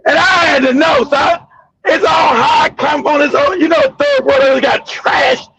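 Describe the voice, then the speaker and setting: A man hosting a livestream, telling a crude story in an animated, profane way with loud outbursts. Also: very high-pitched, measured pace, gravelly, a little hiss or hum, low-quality recording. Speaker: host.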